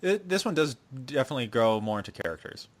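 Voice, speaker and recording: A man's voice: medium pitch, sing-song, quick pace. Man rambling through a plot recap. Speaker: podcast co-host. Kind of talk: casual chat.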